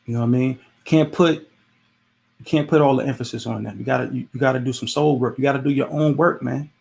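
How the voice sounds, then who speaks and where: Gravelly man giving casual advice. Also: mid-range voice, steady tone, fast, a little mellow. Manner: conversational, repetitive, preachy with rhetorical questions. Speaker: podcast host. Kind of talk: casual motivational monologue.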